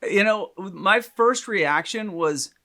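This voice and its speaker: A man's voice: sits high, takes it slowly, pushed and bright. A man co-hosting a podcast, telling a story in casual chat with lots of laughs and restarts. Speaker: podcast co-host, psychologist.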